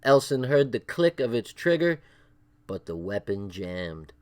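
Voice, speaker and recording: A man's voice: medium pitch, very animated, unhurried, a little mellow, clear, resonant tone. A man reading a crime book aloud on a livestream, stopping for side remarks, swearing and chuckling, and breaking off to check his chat. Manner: reads with asides, swearing and chuckles.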